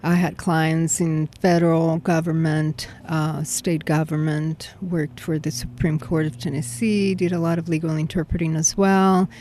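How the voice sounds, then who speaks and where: Colombian-born woman, measured interview guest. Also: deep voice, little pitch movement, mellow, a little hiss or hum. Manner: measured, reflective, frequent affirmations. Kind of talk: conversational interview.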